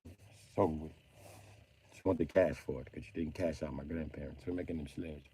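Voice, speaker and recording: A man ranting on a casual livestream, profane and loud, breaking into high mock pleading. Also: fairly even intonation, fairly quick, pauses often, slightly rough, no echo, clean studio sound.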